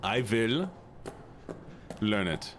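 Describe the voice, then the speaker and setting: A man streaming a game and chatting casually with his viewers in a playful, goofy way, jumping into sudden high squeaky exclamations. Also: lively intonation, very slow. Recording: noticeable background noise.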